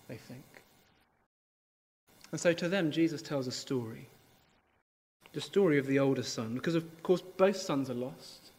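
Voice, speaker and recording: A man preaches a sermon in a conversational, animated way, voicing the characters when he reads scripture aloud. His voice sits a little high for a man. Long reverb trails behind every phrase. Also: slightly rough.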